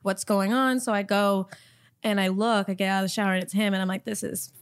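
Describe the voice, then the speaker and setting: A woman guest telling a casual story in an animated way, with lots of "like" fillers. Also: medium pitch, quick pace, clean tone.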